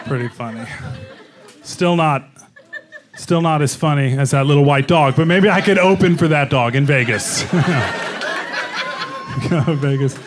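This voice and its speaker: A middle-aged man performing a stand-up comedy set, telling animated stories with chuckles on a club stage mic. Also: fairly high pitch, measured pace, long pauses, background noise. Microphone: stage microphone.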